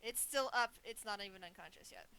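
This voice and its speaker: A woman's voice: a little high, pushed and bright, no echo, low-quality recording. A woman acting as game master, narrating what the players see and making rules calls, now and then correcting herself. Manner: clear, quick rules calls with brief self-corrections.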